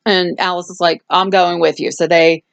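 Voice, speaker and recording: A woman's voice: fairly low pitch, steady tone, moderate pace, gravelly, no room sound. A woman hosting a casual movie review, rambling through a plot recap with lots of fillers. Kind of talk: casual chat.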